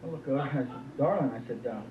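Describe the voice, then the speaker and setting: Folksy stand-up comic in an echoey club. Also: male voice, medium pitch, very fast, far from the mic, background noise. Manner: joke-telling, folksy, lots of "uh" and "he says". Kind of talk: stand-up comedy set. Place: small club, live audience. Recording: echoey lo-fi club tape from afar.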